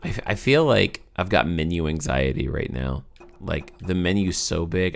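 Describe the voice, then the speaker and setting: This man in his thirties speaks in a low, creaky voice with a Southern US accent, expressive and at a moderate pace. He hosts a let's play, commenting on his gameplay and addressing viewers directly. He often gets frustrated and breaks into loud outbursts.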